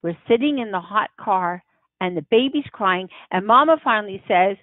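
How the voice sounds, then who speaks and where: A woman reading a children's novel aloud in the first person, unhurried and expressive. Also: mid-range voice, no room sound. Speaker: audiobook reader. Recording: tinny phone-like dry sound.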